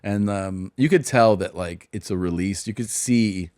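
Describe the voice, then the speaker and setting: A man's voice: fairly low pitch, normal speed, darkish tone, no echo, studio quality. A man who is a stand-up comedian, hosting a podcast and telling stories in a loose, rambling way with lots of fillers. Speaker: podcast host. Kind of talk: casual chat.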